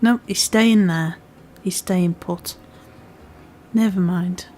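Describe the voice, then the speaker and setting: Slow and somewhat low, with a darkish tone, this gaming channel host talks through her play casually. Her accent mixes Scouse and Welsh, and her let's-play chatter is friendly and self-deprecating.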